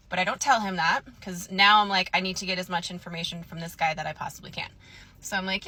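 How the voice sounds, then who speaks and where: A woman casually recounting her own story in a chatty, animated way, often acting out both sides of conversations. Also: on the low side, fast talker.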